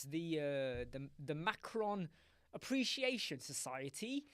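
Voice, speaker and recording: A man's voice: a little high, animated, moderate pace, fairly bright tone, no echo. Guy chatting on his live stream, jokey and all over the place, bouncy voice, dead dry mic. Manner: playful, rambling, joking with chat viewers. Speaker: web design live stream host. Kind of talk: casual live stream chat.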